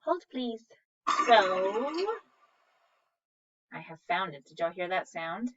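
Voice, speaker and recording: Slow, bright-voiced woman teacher sounding out words. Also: medium pitch, animated, a little hiss or hum. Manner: patient, sounds out words syllable by syllable. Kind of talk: recorded online reading lesson. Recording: dull, slightly distant recording.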